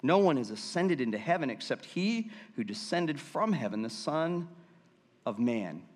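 A man's voice: fairly high pitch, normal speed. A man pastor preaching a sermon, reading scripture aloud and drawing the congregation in with call-and-response and jokey asides. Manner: lively, asks the congregation to repeat words aloud; jokey asides between verses. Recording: long reverb of a large hall.

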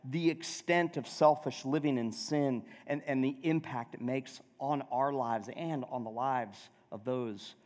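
A man's voice: mid-range voice, a little slow, hardly any pauses, darkish tone. A male pastor preaching a sermon in a conversational way, asking the congregation questions. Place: church sanctuary. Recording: long reverb of a church hall.

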